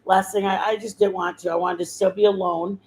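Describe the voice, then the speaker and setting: A woman's voice: mid-range voice, level tone, brisk, a little mellow, a little hiss or hum, rough recording. Rambling, heartfelt woman telling a story. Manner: rambling, full of fillers and restarts. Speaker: channel host sharing a testimony. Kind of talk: emotional personal storytelling.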